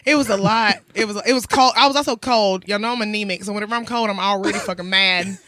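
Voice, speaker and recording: A woman bartender chatting casually on a podcast, an animated, profane storyteller who restarts her sentences often. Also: medium pitch, quick pace.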